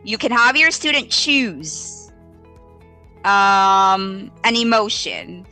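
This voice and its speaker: Slow, bright-voiced woman teacher. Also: medium pitch, faint music behind. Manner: animated, models exaggerated reading voices. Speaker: ESL teacher. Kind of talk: live-streamed teaching tips.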